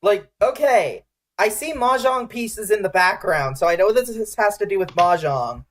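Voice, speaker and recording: Unhurried man hosting a geek podcast. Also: high voice, animated, a bit bright. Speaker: podcast co-host. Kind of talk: casual podcast chat.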